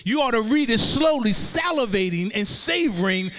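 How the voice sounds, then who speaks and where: High, bright-voiced preacher chanting his sermon. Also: animated, moderate pace. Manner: chanting, sing-song delivery rising into shouts; addresses the congregation, drawing call-and-response. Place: church sanctuary. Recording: long reverb of a large hall.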